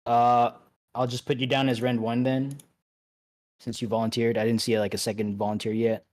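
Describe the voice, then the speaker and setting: A man leading an online game raid, giving relaxed instructions with many fillers and restarts. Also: mid-range voice, normal speed. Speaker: raid leader. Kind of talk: casual instructions over voice chat.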